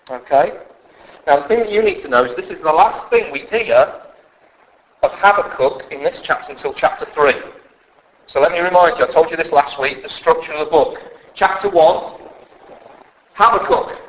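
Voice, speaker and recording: A man preaching a sermon in a church hall, lively and conversational, acting out quoted voices. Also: a little high, normal speed, pauses often. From England. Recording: dull lo-fi sound with faint background hiss.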